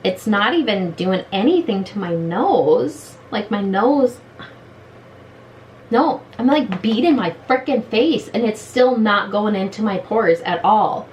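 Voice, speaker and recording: A woman's voice: mid-range voice, animated, takes it slowly, a little hiss or hum, poor audio. A woman in her late thirties doing a casual makeup review at home in her bedroom, talking frustrated and blunt. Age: late 30s. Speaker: beauty vlogger.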